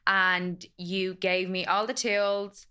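A woman hosts a casual podcast chat. Her voice is bright and sharp, and she talks chattily with plenty of fillers and agreeing yeahs. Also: medium pitch, little pitch movement, takes it slowly, clear, resonant tone. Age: 30s. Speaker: podcast host.

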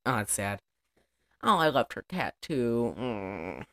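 Low-pitched woman, casual co-host, profane and chatty. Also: big pitch swings, takes it slowly, a bit bright. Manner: chatty, profane, laughs often. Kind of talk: casual chat recapping a movie.

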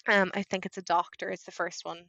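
A woman chatting casually as a book podcast co-host, animated and quick to laugh. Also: lowish voice, gravelly, no room sound, highs cut off.

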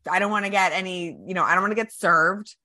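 A woman's voice: mid-range voice, steady tone, fast talker, bright, forceful tone. A woman guesting on a podcast, talking casually with emphatic, dramatic asides. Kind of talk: casual chat.

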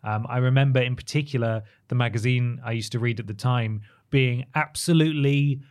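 A man's voice: medium pitch, fairly even intonation, brisk, a little mellow. A man co-hosting a gaming podcast, talking in a casual, rambling way with fillers and self-corrections. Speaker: podcast co-host. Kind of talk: casual chat.

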